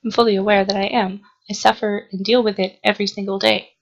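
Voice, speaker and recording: A young woman rambling earnestly to her camera, halting with ums and restarts, a little sleepy. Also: mid-range voice, level tone, lo-fi sound. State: sleepy, yawning. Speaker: vlogger. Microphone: camera mic.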